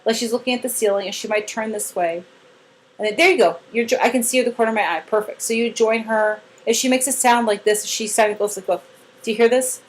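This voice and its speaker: A fairly high-voiced woman coaching a newcomer in a relaxed one-on-one session. She talks in a chatty, hands-on way and acts out examples as she explains. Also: fast, a little hiss or hum, poor audio. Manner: chatty and demonstrative, acting out examples. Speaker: trainer coaching a new therapy team member. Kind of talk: casual one-on-one training.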